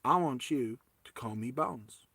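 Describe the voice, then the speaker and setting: A man voicing a doting Southern American man with a slow drawl, who keeps pressing his point with affection. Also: medium pitch, animated, vocal fry, sharp tone, breathy edge, no room sound, pitched below the performer's own voice, exaggerated voice. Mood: doting, insistent. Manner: insistent, affectionate.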